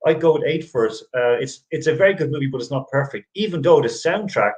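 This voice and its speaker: A middle-aged man hosts a casual sports chat show, his voice on the high side, expressive and a little mellow, moving at a quick pace. He rambles, restarts often and laughs easily, and the recording quality is low.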